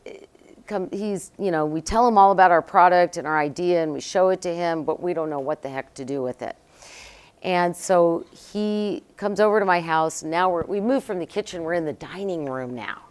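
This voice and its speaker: A middle-aged woman, a company co-founder, telling her business story in an animated, conversational interview. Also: deep voice, smooth. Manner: animated storyteller, acts out quotes.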